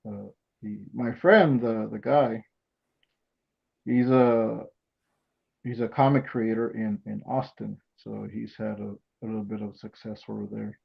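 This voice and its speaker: A man hosting a podcast, chatting casually and recounting things in a halting way with many pauses and restarts. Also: on the low side, level tone, creaky, breathy edge. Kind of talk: casual chat. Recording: dull lo-fi sound.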